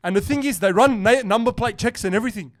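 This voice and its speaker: A young man hosting a podcast, chatting casually and telling stories in an excited, animated way full of slang. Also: high voice, fast talker, no room sound, studio quality. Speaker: podcast host. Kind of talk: casual chat.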